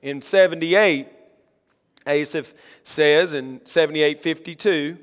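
High-voiced preacher in a reverberant hall. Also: male voice. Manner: reads scripture slowly, builds to emphatic rising lines. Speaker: pastor. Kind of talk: sermon. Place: church sanctuary.

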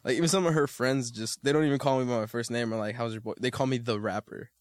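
A man being interviewed as a rapper, relaxed and slangy, laughing often. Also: medium pitch, fast talker, no room sound. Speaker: rapper, guest. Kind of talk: casual interview chat.

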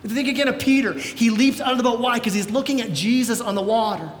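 A high-voiced man preaches a sermon in an echoey church with a long hall reverb and a faint rumble behind him. He tells the story in a lively way and acts out voices. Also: quick pace. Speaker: pastor. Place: church sanctuary.

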